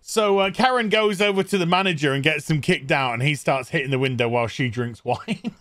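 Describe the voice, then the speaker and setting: A man's voice: on the high side, brisk, few pauses, fairly bright tone, dry recording, clean studio sound. A man hosting a podcast, recapping a movie comically in a mocking, incredulous tone. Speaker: podcast host.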